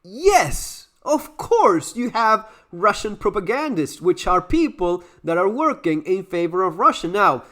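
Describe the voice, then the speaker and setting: A man's voice: high voice, sing-song, measured pace, hardly any pauses, fairly bright tone. A Latin American man whose first language is Spanish, with an Argentine Spanish accent, giving heated, sarcastic commentary on clips as the channel host. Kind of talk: opinionated commentary.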